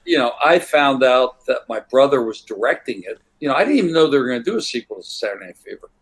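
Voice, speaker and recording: An older man with a husky, breathy voice tells rambling stories as an interview guest. He talks in a loose, relaxed way and slips into the voices of the people in his tales. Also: medium pitch, fast. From United States. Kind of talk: relaxed anecdotal storytelling.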